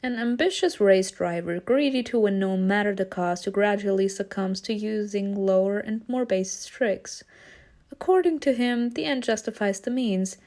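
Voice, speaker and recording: A woman's voice: medium pitch, moderate pace, darkish tone, lightly acted. A woman voicing a kind but strict female angel teacher in a fan reading of a story game. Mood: instructive.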